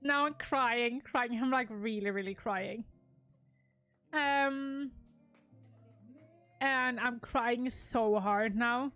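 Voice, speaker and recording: A woman's voice: a little high, slow pace, pauses often, fairly bright tone, soft background music. A young woman chatting casually on a live stream, gushing and rambling as she shows her wedding photos, laughing often.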